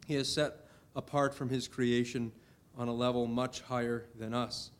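A man's voice: medium pitch, flat delivery, normal speed, clean tone. A middle-aged man preaching a sermon earnestly, building to emphatic declarations as he reads scripture.

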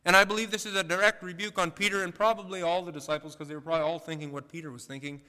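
A man's voice: sits high, little pitch movement, racing, pushed and bright, clean tone. A male pastor delivering a sermon, building emphasis with rhetorical questions. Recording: long hall reverb.

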